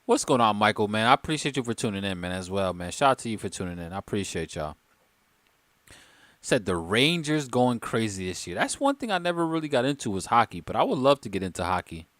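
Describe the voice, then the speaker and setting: Slightly tipsy on wine, this livestream host banters casually with his audience. He speaks briskly in a lowish, fairly bright voice with big pitch swings and no echo.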